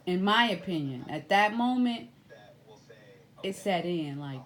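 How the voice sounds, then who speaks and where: Animated Southern woman commentating. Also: on the low side, unhurried, pauses often. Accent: Louisiana Southern US. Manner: animated, rises sharply when excited, many fillers. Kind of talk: casual commentary.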